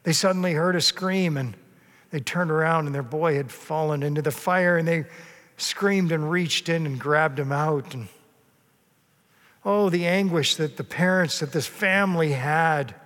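A man's voice: fairly high pitch, measured pace, fairly bright tone. A man preaching a sermon, telling a story earnestly and sometimes acting out the people in it. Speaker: pastor. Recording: long hall reverb.

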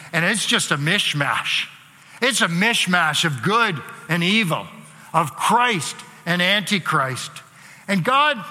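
A man's voice: high voice, sharp tone. A male pastor preaching a sermon in a conversational way, rising into emphatic repeated cries. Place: church hall. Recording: long reverb of a large hall.

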